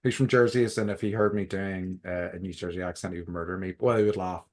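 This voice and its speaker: A man's voice: sits low, steady tone, quick pace, darkish tone. An Irish man co-hosting a podcast, rambling with many restarts and fillers in casual chat. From Ireland. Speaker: podcast co-host.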